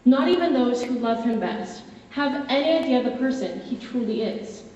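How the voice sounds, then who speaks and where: A woman's voice: fairly high pitch, normal speed, a little mellow. A young woman in her late teens giving a dramatic interpretation performance, narrating in the first person with earnest, emotional storytelling. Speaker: competitor. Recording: echoey hall from far off, dull.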